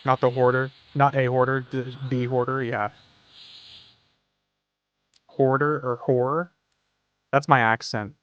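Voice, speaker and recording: Here a man chats casually during a live game stream, laid-back and jokey, with free swearing and frequent "dude"s. His medium-pitched voice is level and smooth at a moderate pace with few pauses, in lo-fi sound.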